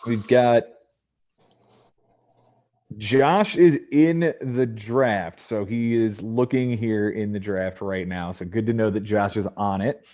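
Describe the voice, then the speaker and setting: A man's voice: fairly low pitch, flat delivery, moderate pace, few pauses, dark tone, muffled recording. A man hosting a podcast, chatting casually and announcing picks with rising emphasis. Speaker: podcast host running a fantasy baseball draft. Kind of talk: casual chat.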